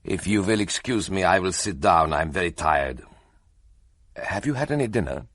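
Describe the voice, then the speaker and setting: Big worn-out german guy, narrator putting him on, thick german accent, stiff formal talk, lowish voice, dry sound. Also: animated, normal speed, fairly bright tone, no room sound, heavily acted. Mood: weary formal. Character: large tired hungry German man. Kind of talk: audiobook character voice.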